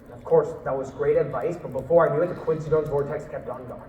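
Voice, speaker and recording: High-voiced man telling a story on a hall stage, animated, acts out lines, distant mic. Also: fast talker, highs cut off, a little hiss or hum. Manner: animated, acts out quotes and laughs. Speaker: speaker. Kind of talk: storytelling talk.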